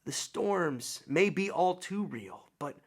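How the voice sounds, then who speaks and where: A middle-aged man preaching a sermon, telling a personal story with swelling emphasis and soft, hushed drops. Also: fairly high pitch, expressive, takes it slowly. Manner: reflective storytelling, swells then drops to near whispers. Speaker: pastor.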